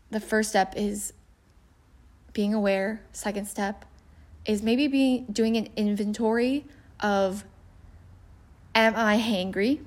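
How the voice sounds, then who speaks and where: A woman talking through relationship and self-awareness advice in a casual monologue, candid and self-deprecating, walking through steps and checklists. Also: medium pitch. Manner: lists steps and questions.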